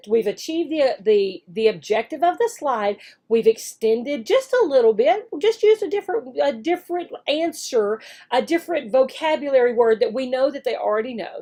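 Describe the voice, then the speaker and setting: A woman teacher walking through a demo English lesson, switching between explaining and slow, exaggerated modeling for a child, with cheerful praise. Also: on the high side, darkish tone. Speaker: online English teacher and recruiter.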